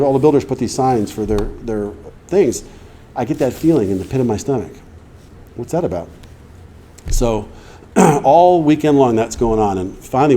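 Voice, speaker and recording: A man's voice: mid-range voice, dark tone, a little hiss or hum. A middle-aged man telling his recovery story to an audience, acting out the dialogue and laughing along the way. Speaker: recovery speaker. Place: meeting hall before an audience.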